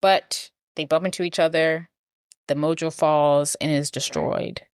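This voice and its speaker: A woman with a lowish voice chats her way through a film recap on a podcast, loose and full of fillers, now and then slipping into the characters' lines. The sound is dry and close, with no room around it. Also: steady tone, a little slow, clean tone, dry recording. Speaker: podcast co-host. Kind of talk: casual chat recapping a movie plot.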